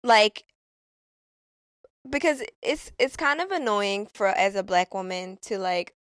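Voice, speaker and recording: A woman chatting casually and animatedly, full of slang and quick stories. The sound is dry and close, with no room around her voice. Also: mid-range voice, dry recording. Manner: animated, laughing, slangy storytelling. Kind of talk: casual conversation.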